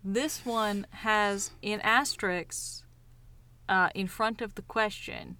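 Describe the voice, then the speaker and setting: A woman's voice: medium pitch, slow pace, sharp tone, no echo. A woman co-hosting a podcast, chatting casually in a hesitant, self-deprecating, wry way. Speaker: podcast co-host. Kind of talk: casual chat.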